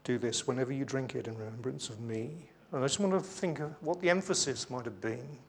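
A man's voice: mid-range voice, brisk, creaky. A man preaching a sermon, reading scripture aloud with emphasis between conversational asides with light humour.

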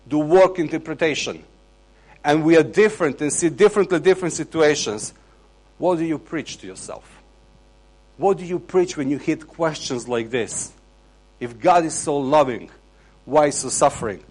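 Eastern European man preaching, somewhat high. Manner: plain conversational preaching, halting non-native phrasing. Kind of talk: sermon.

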